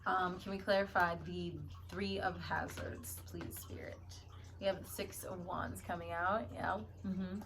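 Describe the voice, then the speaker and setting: A woman doing a casual tarot reading, chatty and often stumbling and correcting herself, with quiet murmured asides as she pulls cards. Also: on the low side, flat delivery, a little slow, noisy background. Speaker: tarot reader.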